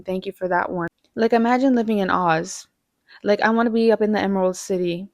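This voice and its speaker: Young female reviewer, playful and effusive, mid pitch, dry recording. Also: a little fast, darkish tone, dry recording. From American Midwest. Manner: gushing, playful, chatty with little laughs. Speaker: movie reviewer. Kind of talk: casual movie review chat.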